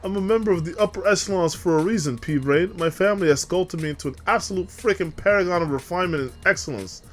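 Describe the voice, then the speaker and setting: A man's voice: fast talker, soft background music, natural voice. A man voicing a haughty, furious young rich girl who barks orders at others. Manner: shrill, commanding, repeating orders.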